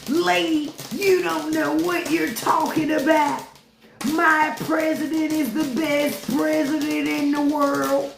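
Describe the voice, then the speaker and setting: A woman's voice: high voice, little pitch movement, slow, vocal fry, echoey room, voice pushed up, heavily acted. A woman mocking a smug conservative lady commenter. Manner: mocking, sing-song scolding.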